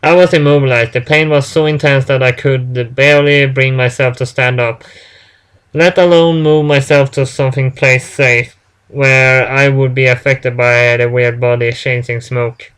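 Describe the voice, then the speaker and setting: A man reading a first-person story aloud in a halting way, stumbling and restarting words often. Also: mid-range voice, steady tone, a bit bright, smooth. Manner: halting, with frequent restarts and fillers.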